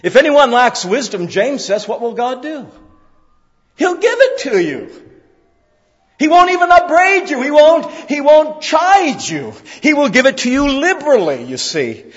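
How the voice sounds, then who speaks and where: A man's voice: extremely high pitch, very animated, unhurried. A man preaching a sermon at a church service, earnest and repetitive, building to emphatic calls. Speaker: pastor. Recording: roomy hall, slightly dull sound.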